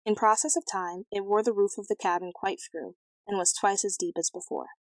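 A woman reading a fairy tale aloud in a measured, clear and expressive way. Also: mid-range voice, no echo, rough recording. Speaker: storyteller.

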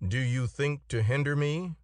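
A man's voice: mid-range voice, normal speed, no room sound, clean studio sound, pitched above the performer's own voice, lightly acted. A man voicing a furious, vengeful knight in a storybook reading, speaking in an angry, threatening way.

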